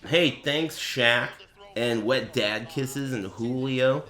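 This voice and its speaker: A man's voice: medium pitch, slow pace. A man hosting a livestreamed podcast in casual chat, telling stories animatedly with a lot of swearing and laughter. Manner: profane, animated storytelling with frequent laughter. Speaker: streamer and podcast host.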